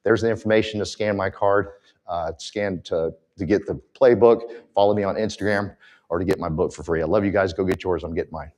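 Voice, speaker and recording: A man's voice: low voice, brisk, a little mellow. A man giving a motivational talk from a conference stage, emphatic and direct with the audience. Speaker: conference speaker.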